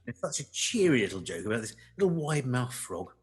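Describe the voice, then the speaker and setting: A man co-hosting a podcast, chatting and telling a joke in a rambling, animated way. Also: mid-range voice, fairly quick, husky. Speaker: podcast co-host. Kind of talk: casual chat and joke telling.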